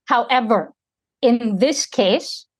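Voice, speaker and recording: A woman's voice: on the high side, slow. A woman guest on a podcast, telling a story in an emphatic way and often checking in with her listeners. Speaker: podcast guest and community organizer.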